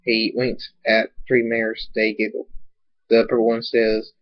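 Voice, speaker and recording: A man's voice: fairly low pitch, monotone, measured pace, dull audio. A man reading a story aloud in an amateur style, often stumbling and repeating words.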